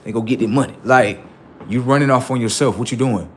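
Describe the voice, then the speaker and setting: A man hosting a livestream, telling casual stories to his viewers in an animated way, swearing freely and acting out voices. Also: mid-range voice, brisk, husky. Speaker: livestream host.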